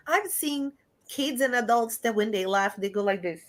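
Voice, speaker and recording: A woman giving a lively spiritual talk over a video call, animated and often laughing, with big jumps in pitch. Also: moderate pace. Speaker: guest speaker.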